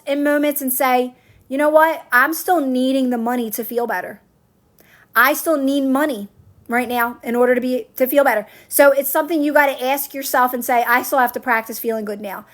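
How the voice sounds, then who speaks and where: Chatting casually on a livestream, this woman answers viewer comments and coaches them, reassuring people by repeating what she says. She has a high-sitting, fairly bright voice.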